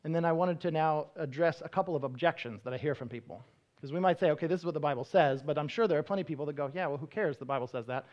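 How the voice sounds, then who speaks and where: A man's voice: on the high side, racing, darkish tone, muffled recording. A male pastor preaching a sermon in a conversational, explanatory way, often restarting his sentences.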